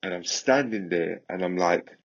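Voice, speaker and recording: A man, a podcast guest, recounting a story in a vivid, animated way. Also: low voice, normal speed, lo-fi sound. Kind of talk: casual storytelling.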